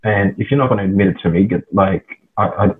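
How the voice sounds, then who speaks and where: Frank, profane male talker, low voice, tinny phone-quality audio. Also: quick pace. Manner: frank, profane, heated about his subject. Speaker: podcast guest. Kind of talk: casual conversation. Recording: phone-like audio with faint noise.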